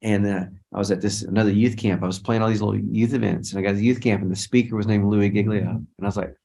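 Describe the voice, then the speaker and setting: A low-pitched middle-aged man tells a long story in a relaxed interview. He rambles, restarts his sentences, and slips into quoted speech as he goes. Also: fast talker, vocal fry. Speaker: interview guest, worship leader.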